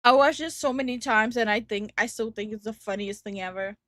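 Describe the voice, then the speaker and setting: A woman's voice: fairly high pitch, brisk, very noisy. A young woman co-hosting a casual livestream from home, giggly and greeting chat viewers by name. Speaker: streamer co-host. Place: home streaming room.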